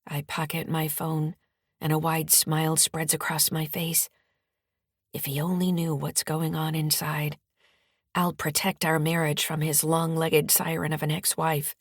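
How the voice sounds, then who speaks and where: A woman author narrating her own mystery-thriller audiobook in the first person, steady and firm in the mother's dialogue. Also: low voice, husky, no room sound, studio quality. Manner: steady storytelling, rising firmly in the mother's lines.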